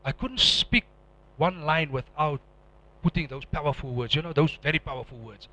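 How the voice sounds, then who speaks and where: Intense preacher, bright voice. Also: male voice, on the high side, moderate pace, highs cut off. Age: middle-aged. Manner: emotional, swings from hushed to loud and intense. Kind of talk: personal testimony sermon.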